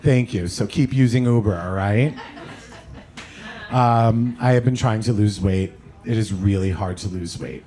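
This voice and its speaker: A man doing a stand-up set at a comedy club, delivering deadpan one-liners with quick self-corrections. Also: on the low side. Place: comedy club stage with audience laughter.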